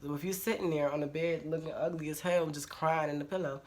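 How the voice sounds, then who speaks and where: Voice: medium pitch, steady tone, fast talker, darkish tone. A vlogger giving casual relationship advice straight to camera, talking bluntly and repeating phrases for emphasis, with slang and swearing. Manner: informal slangy speech with swearing.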